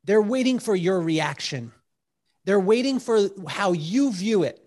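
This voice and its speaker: A man telling animated stories as a podcast guest, acting out what people said and breaking into song, with halting restarts when he explains a point. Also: sits high. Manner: lively storyteller who acts out quotes and sings bits. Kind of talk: animated storytelling in conversation.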